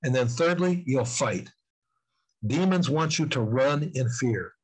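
An older man telling stories earnestly as a guest in an interview, with emphatic, drawn-out stresses on key points. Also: medium pitch, lively intonation, husky, poor audio. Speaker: guest on spiritual warfare. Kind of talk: storytelling in casual interview.

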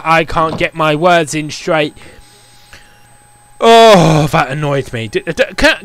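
A man's voice: on the high side, animated, measured pace, a bit bright. A young man commentating his Minecraft game, ranting in an exasperated, repetitive way. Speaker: gaming YouTuber. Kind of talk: Minecraft let's play commentary.

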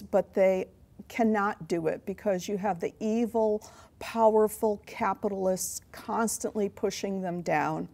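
A woman's voice: medium pitch, a little mellow. Woman guest explaining earnestly. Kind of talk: interview answers.

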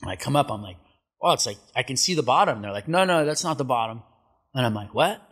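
A middle-aged man, a surfer guest on an interview show, telling a story in a casual, animated way, acting out what people said and saying "like" a lot. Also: medium pitch, fast, husky. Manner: animated storyteller, acts out quotes, many filler likes.

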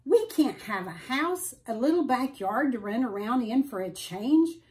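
A woman's voice: a little high, lively intonation, measured pace, a little mellow. A woman voicing a discontented male dog who growls his complaints, reading a storybook aloud. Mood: grumbling.

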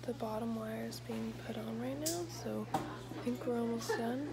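A woman narrating casually while filming, slow and matter-of-fact. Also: on the high side, fairly even intonation, vocal fry, over loud music.

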